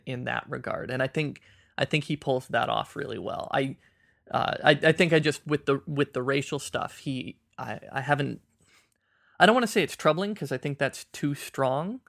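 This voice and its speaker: A man with a gravelly, creaky voice discusses films on a podcast. He thinks aloud, restarting sentences as he searches for words. The recording is dry and close. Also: medium pitch, lively intonation, normal speed, fairly bright tone, dry recording. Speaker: podcast co-host. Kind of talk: casual film discussion.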